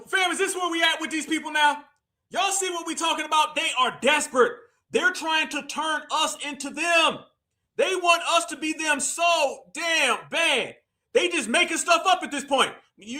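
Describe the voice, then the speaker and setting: High, bright-voiced male livestream host. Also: normal speed. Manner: animated, mocking, preachy, sometimes shouting. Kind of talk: live commentary stream.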